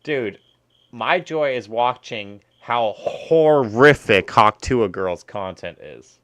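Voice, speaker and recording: A man's voice: mid-range voice, lively intonation, takes it slowly, fairly bright tone. A male streamer who vents about videos in blunt, profane bursts. His voice sits in a middle register, and the talk stays loose and casual. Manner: crude, ranting, heavy swearing. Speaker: streamer host. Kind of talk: casual chat while watching videos.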